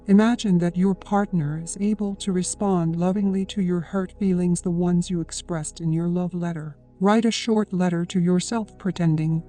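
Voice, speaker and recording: An audiobook narrator giving a measured, even scripted reading. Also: medium pitch, faint music behind.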